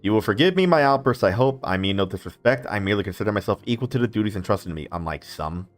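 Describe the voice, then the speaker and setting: A man voicing a stiff, proud young knight, the eldest son of a noble house, in formal measured speech. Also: on the low side, lively intonation, natural voice.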